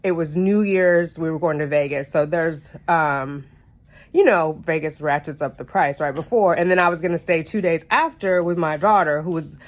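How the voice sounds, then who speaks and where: A woman's voice: low-pitched, normal speed. A woman vlogger talking casually to camera about relationships, a bit congested, chatty and rambling with asides and self-corrections. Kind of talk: casual advice chat to camera. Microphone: phone camera.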